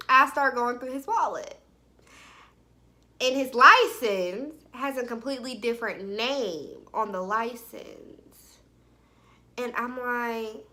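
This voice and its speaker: A young woman telling a personal story in a casual, chatty way, often saying "like". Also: a little high. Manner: chatty, animated, peppered with "like". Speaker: vlogger.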